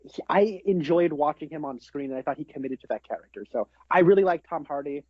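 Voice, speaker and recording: Slightly high-voiced man, dry lo-fi sound. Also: fast talker, dry recording. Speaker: podcast co-host. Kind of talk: casual podcast chat.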